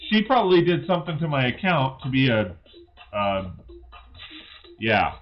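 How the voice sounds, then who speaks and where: A man's voice: mid-range voice, sing-song, moderate pace. A man hosting a livestream, telling a frustrating story in an exasperated, rambling way with lots of fillers. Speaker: livestream host building with toy bricks. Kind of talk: casual livestream chat. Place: indoors in his hobby room. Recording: dull lo-fi sound, faint music behind.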